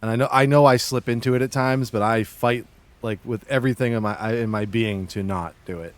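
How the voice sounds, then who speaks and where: A man from Massachusetts chatting casually on his livestream, halting and restarting often as he talks. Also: mid-range voice, steady tone. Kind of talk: casual stream chat.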